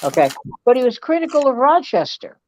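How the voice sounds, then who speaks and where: A woman comedian in casual chat, telling stories in an animated, profane way. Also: high voice, a little fast. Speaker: comedian guest. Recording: dull, dry sound.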